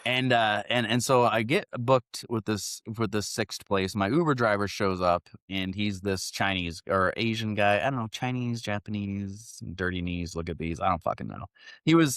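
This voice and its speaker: A middle-aged man hosting a podcast, telling a story in a profane, animated, casual way. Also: lowish voice, no echo. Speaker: podcast host. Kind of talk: casual chat.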